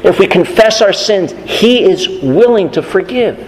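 A man's voice: high-pitched, expressive, unhurried, slight background noise. A man preaching a sermon, earnest, who repeats his key phrases for emphasis. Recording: long reverb of a church hall.

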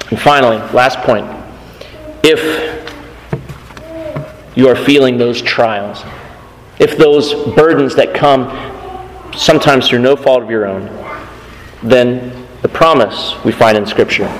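A man's voice: mid-range voice, slight background noise. A man preaching a sermon, earnest, who repeats his key phrases for emphasis. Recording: long reverb of a church hall.

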